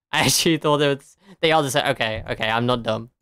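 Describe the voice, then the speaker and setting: Streamer woman, casual chatter, swears, laughs a lot, smooth clean voice, dry close sound. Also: extremely low pitch, fairly quick, a bit bright, no room sound. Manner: chatty, laughs often, swears, answers chat. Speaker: game streamer. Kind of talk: casual live-stream chat.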